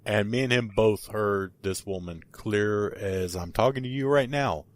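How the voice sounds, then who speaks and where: A man's voice: fairly low pitch, measured pace, no echo. A man, a paranormal investigator, telling a story in casual podcast talk, rambling with many restarts and fillers.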